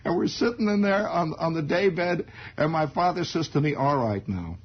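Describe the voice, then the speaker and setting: A man telling a childhood story in an animated, digressive radio monologue, chuckling as he goes, on a lo-fi 1960s radio broadcast. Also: sits high, fairly quick, breathy edge.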